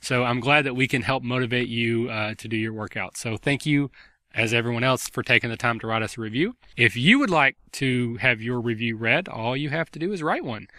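A man's voice: mid-range voice, brisk, sharp tone, dry recording. A man hosting a gaming podcast, chatting in a friendly, rambling way with lots of fillers. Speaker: podcast host. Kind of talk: casual podcast chat.

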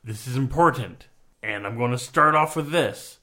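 A man's voice: medium pitch, normal speed, bright, forceful tone. A man playing his character in a tabletop game, playful and joking. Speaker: player.

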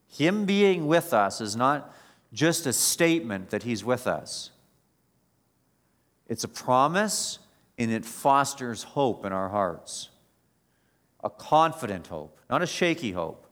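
A man giving a sermon as pastor, moving between quiet reflection and raised, emphatic preaching. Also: medium pitch.

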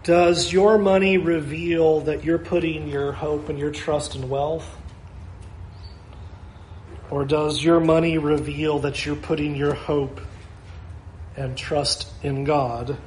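Pastor guy preaching, kinda high voice, earnest, lots of repeated lines, faint hum behind. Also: a little mellow, echoey room. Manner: earnest, repetitive preaching with rhetorical questions. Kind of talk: sermon.

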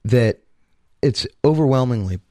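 A man co-hosting a radio talk show, telling a story in a casual, animated way and acting out the voices he quotes. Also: medium pitch, measured pace, no echo, studio quality.

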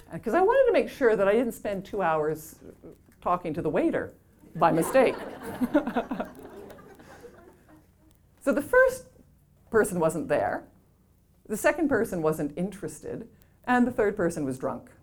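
A woman's voice: fairly low pitch, very animated, measured pace, pauses often, a little mellow, a little hiss or hum. A middle-aged woman from Canada telling a self-deprecating story to an audience, laughing often and acting out the voices of the people she quotes. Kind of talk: anecdotal storytelling.

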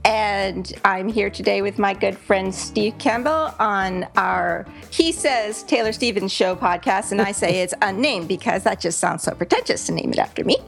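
A woman's voice: medium pitch, normal speed, vocal fry, hardly any pauses, a bit bright, soft background music. Woman host, casual chat, easy laughs, plenty of ums. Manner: chatty, laughs easily, many fillers. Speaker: podcast host and thriller author.

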